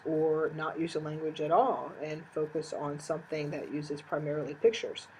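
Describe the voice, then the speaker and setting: A woman's voice: low voice, a little mellow, low-quality recording. Woman lecturing with slight hiss. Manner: explanatory, many "uh" fillers. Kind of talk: recorded course lecture.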